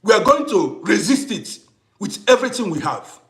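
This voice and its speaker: A man's voice: sits high, sing-song, normal speed, a bit bright. A middle-aged man hosting a livestream, delivering an impassioned monologue and repeating phrases for emphasis. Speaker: livestream host.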